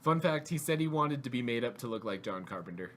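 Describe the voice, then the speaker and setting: A man's voice: mid-range voice, animated, fast talker, fairly bright tone. A man co-hosting a podcast, animatedly retelling movie scenes and acting out the characters' lines. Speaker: podcast co-host. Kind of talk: casual movie discussion.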